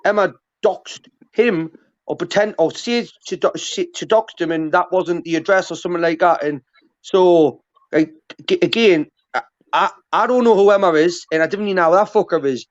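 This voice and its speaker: A man's voice: high-pitched, normal speed. A man talking on a livestream panel, rambling and swearing constantly, with many restarts. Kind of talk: heated casual livestream chat. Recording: muffled lo-fi stream audio.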